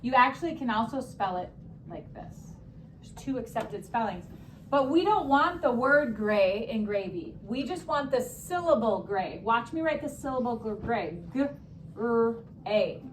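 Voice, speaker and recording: This is a high-voiced young woman leading a spelling lesson, expressively calling out words and drawing them out for emphasis. Between words she adds brief upbeat asides, over faint classroom room noise.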